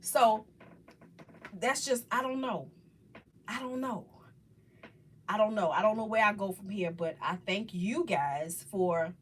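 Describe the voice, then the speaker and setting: A woman hosting a casual live chat with viewers, talking about faith in a halting, rambling, heartfelt way. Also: mid-range voice, slight background noise. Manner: halting, rambling, restarts often. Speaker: livestream host chatting with viewers.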